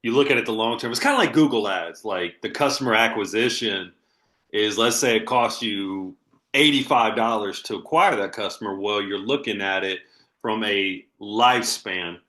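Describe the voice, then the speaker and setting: A man hosting a marketing call, talking through business points in a relaxed way with examples. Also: lowish voice, normal speed, roomy sound. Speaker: marketing host. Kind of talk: casual business chat on a video call.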